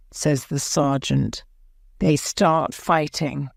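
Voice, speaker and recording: A woman narrating a graded reader audiobook in a slow, careful reading. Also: deep voice, expressive, darkish tone, no echo, studio quality.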